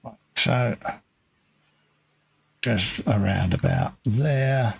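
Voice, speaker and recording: Slow, gravelly man bantering. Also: medium pitch. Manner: jokey banter, talking through each build step. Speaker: co-host of a model-building livestream. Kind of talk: casual chat while building a model kit.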